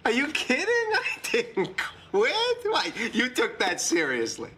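An actor playing a flustered, blustering office worker who sputters denials through nervous laughter in a sitcom. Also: male voice, very high-pitched, wildly swooping pitch, slow, exaggerated voice. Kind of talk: sitcom acting. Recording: sitcom audio with audience laughter and noise.

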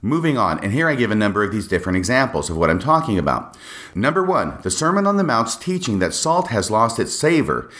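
A man hosting a solo podcast, explaining scripture passages in a measured way with wry asides. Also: fairly low pitch, fairly bright tone. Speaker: podcast host.

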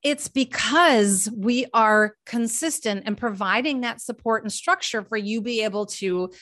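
A woman's voice: a little high, unhurried, fairly bright tone. A woman life coach, talking animatedly in an interview and acting out her clients' questions. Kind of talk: interview conversation.

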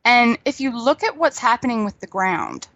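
A woman's voice: fairly high pitch, very animated, normal speed, fairly bright tone, dry recording, highs cut off. A middle-aged woman, chatting as a guest, telling stories and laughing easily. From New Zealand. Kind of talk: casual chat.

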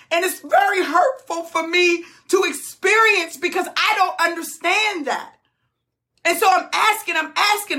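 Fired-up high-voiced woman coach. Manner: fired up, often shouting, repeats herself. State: tearful. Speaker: business coach hosting a group Q&A call. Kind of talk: impassioned motivational talk.

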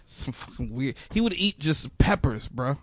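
A young man in casual chat, ranting in an animated way full of profanity. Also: medium pitch, normal speed, dry recording.

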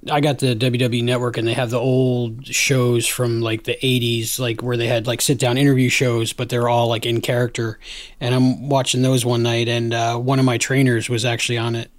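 A man's voice: mid-range voice, flat delivery, normal speed, dry recording. A man hosting a casual podcast chat, rambling along with lots of fillers and restarts. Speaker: podcast host.

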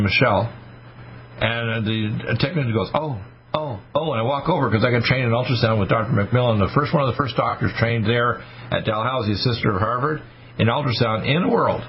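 A man in his sixties hosting a radio talk show, telling stories emphatically and acting out the voices of people he quotes. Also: mid-range voice. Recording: slightly muffled radio broadcast with faint noise.

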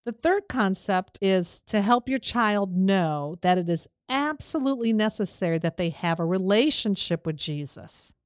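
A woman's voice: mid-range voice, normal speed, hardly any pauses, no echo. Earnest woman teaching parents about faith, dry sound. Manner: earnest, steady, instructive. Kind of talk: instructional religious talk.

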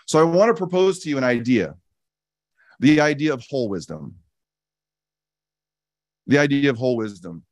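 A man with a medium-pitched, animated voice gives a reflective teaching talk as a podcast host, speaking at a moderate pace with long pauses. He's earnest, repeats key phrases for emphasis, and often restarts with casual fillers. The studio-quality recording has no echo.

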